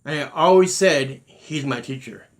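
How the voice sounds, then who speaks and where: A man's voice: fairly high pitch, measured pace. A middle-aged man, a martial arts grandmaster, telling stories in earnest with many restarts and quoted exchanges. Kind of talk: unscripted talk to students.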